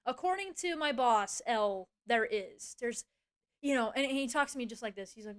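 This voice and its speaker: A woman's voice: a little high, animated, moderate pace, fairly bright tone. Profane rambling young woman streamer. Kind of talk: casual livestream chat.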